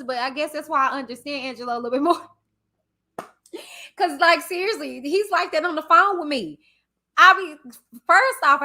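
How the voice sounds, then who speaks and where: A woman from Texas with a Southern accent, hosting a livestream and reading viewer comments aloud in a loud, passionate, chatty way. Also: high-pitched. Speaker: livestream host reading chat. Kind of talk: casual chat with viewers.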